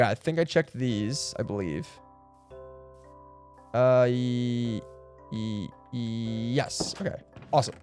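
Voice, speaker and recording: A man streaming a game live, chatting casually and excitably, swearing and laughing often, and cooing at the animals he meets. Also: mid-range voice. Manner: coos affectionately at in-game animals. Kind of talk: casual live gameplay commentary.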